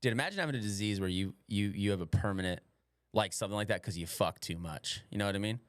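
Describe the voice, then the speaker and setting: A man's voice: lowish voice, quick pace, dry recording. A man in his twenties hosting a casual podcast. He rambles crudely and laughs often. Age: 20s. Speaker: podcast host.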